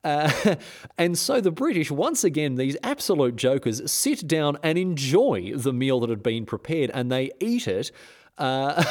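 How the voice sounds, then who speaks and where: A man's voice: mid-range voice, sing-song, unhurried, a little mellow. Man, history podcast host, medium voice, casual, sarcastic, restarts. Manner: jokey, sarcastic, many restarts and fillers.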